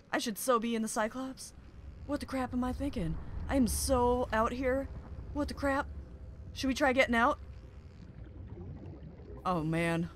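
A young woman hosting a game playthrough, commenting excitedly and often gasping "oh my gosh" at what she finds. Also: fairly high pitch, slight background noise. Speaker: gaming video host. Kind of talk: excited let's-play commentary.

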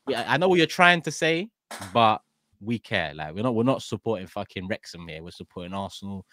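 London man, football show host, lowish voice, dry close sound, laughs a lot. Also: expressive, fairly quick, pushed and bright, no room sound. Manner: laughs often, upbeat sign-off patter. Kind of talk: casual football chat.

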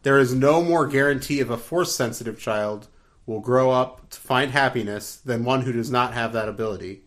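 Calm, wise male Jedi master, gentle but firm, read aloud by a man in a mid-range voice. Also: medium pitch, normal speed, natural voice. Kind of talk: reading a novel aloud.

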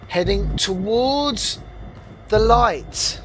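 A man's voice: very high voice, animated, normal speed, noisy background. A man hosting a horror game playthrough, rambling nervously to viewers and panicking at scares. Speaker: gaming video host. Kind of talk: horror game let's play commentary. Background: game music.

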